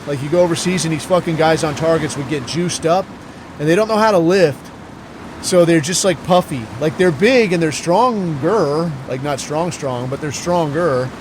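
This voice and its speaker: Brief: profane male podcast host, rambling storyteller, slightly high voice, faint traffic outside. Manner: crude, rambling, heavy swearing, deadpan asides. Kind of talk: profane casual storytelling monologue.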